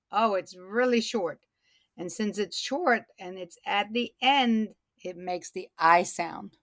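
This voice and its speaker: Slow, patient phonics teacher woman. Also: medium pitch, fairly bright tone, no room sound, studio quality. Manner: slow, deliberate, stretches and repeats words. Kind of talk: phonics lesson for young students.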